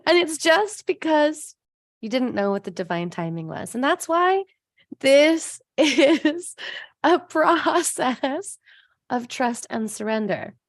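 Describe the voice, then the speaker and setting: A woman's voice: high-pitched, big pitch swings, slow pace, no room sound, studio quality. A woman hosting a live stream, chatting with viewers as she answers their comments, laughing often and acting out voices in her stories. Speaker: host of a live stream, abundance coach.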